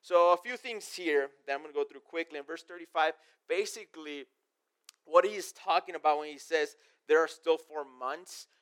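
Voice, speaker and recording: Smooth-voiced man preaching casually. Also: a little high, moderate pace, fairly bright tone. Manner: conversational, reads verses then explains them in plain everyday terms. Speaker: pastor. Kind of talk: casual sermon with scripture reading.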